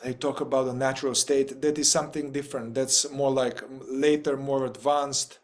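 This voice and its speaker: A man's voice: mid-range voice, flat delivery, normal speed. A man facilitating a group talk over a video call, casual and playful, often laughing and trailing off mid-thought.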